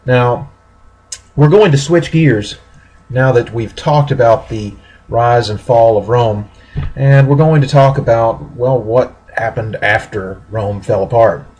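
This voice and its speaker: Male lecturer, slightly raspy voice, measured teaching delivery with restarts. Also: mid-range voice, low-quality recording. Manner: steady explanatory pace with pauses and self-corrections. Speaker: history lecturer. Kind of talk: recorded classroom lecture.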